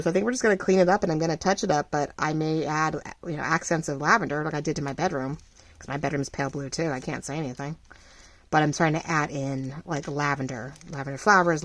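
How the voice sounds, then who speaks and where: A middle-aged woman running a small shop, chatting casually and rambling while she crafts, full of fillers and lively ups and downs. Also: deep voice. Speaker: craft vlogger and shop owner.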